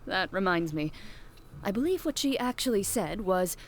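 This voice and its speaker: A woman voicing a calm, composed young huntress in a video game, speaking tersely and with dry formality. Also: medium pitch, normal speed, a little hiss or hum, natural voice. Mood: cool.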